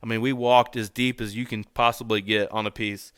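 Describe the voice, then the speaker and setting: A young adult man telling a story as a podcast guest, animated, laughing often and swearing casually. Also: on the low side, a little fast, clean tone, no echo, clean studio sound.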